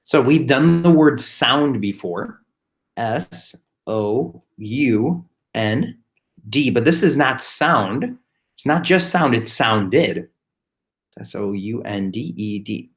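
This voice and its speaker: Slow, patient male phonics teacher. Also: mid-range voice, animated, a bit bright. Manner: slow and patient, spelling words letter by letter. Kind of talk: phonics lesson for young children. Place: home, recorded remotely.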